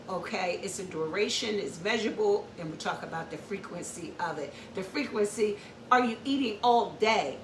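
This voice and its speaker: A woman hosts an informal educational talk, explaining things step by step, repeating her points and checking in with "okay?" Her medium-pitched voice is a bit bright, and she sounds far from the mic in an echoey room with a little hiss or hum.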